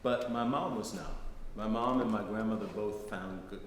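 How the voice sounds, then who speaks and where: Middle-aged male lecturer, conversational storyteller, lower voice, recorded in a reverberant hall. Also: moderate pace. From United States. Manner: conversational, frequent "right?" tags. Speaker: guest lecturer. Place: lecture hall, live audience. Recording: echoey hall, faint noise.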